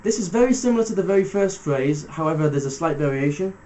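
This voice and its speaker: A man giving a casual step-by-step guitar lesson, talking through fret numbers in a relaxed way with fillers. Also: on the high side, fast, poor audio. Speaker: guitar teacher. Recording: loud guitar music under the voice. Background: electric guitar playing between phrases.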